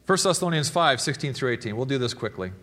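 A man pastor preaching a sermon in a church, animated, swinging between loud exclamations and quiet asides. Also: medium pitch, fast.

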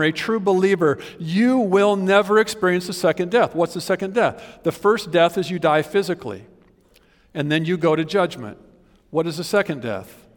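A man preaching a sermon as pastor, impassioned, swinging from loud pleading to hushed, earnest appeals. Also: high voice. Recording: long hall reverb.

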